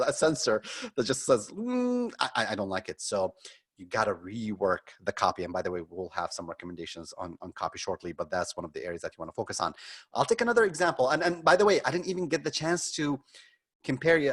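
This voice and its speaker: A man's voice: mid-range voice, animated, fast, fairly bright tone. A middle-aged man leading a live webinar as a marketing consultant, critiquing frankly and conversationally, with many ums and restarts.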